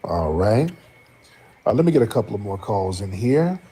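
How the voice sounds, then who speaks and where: A man's voice: lowish voice, sing-song, normal speed, dark tone, slightly rough. A man hosting a live call-in stream, blunt and teasing as he questions callers. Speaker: livestream host taking callers. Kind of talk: casual call-in talk.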